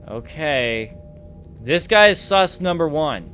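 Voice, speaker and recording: A young man giving jittery, excitable horror gameplay commentary, often saying "dude". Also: medium pitch, moderate pace, soft background music.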